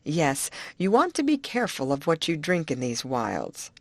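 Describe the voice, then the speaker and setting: A man's voice: fairly high pitch, wildly swooping pitch, moderate pace, vocal fry, no echo, full character voice. A woman reading a plainspoken male overseer who talks in a folksy, reassuring way and drops word endings. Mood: matter-of-fact.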